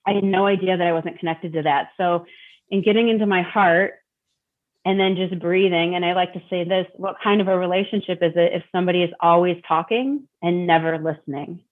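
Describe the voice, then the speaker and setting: This guest, a middle-aged Detroit woman, discusses recovery openly in a voice on the low side, with fairly even intonation and a slightly quick pace. Repeated words and acted-out thoughts mark her speech, captured with a tinny, phone-like quality.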